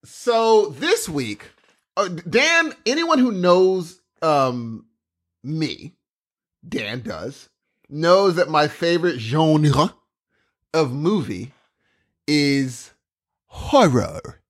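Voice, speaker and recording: Excitable man with a lively higher voice. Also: extremely slow, pauses often. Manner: excitable, laughs easily, acts out his own reactions. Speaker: podcast co-host. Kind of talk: casual chat.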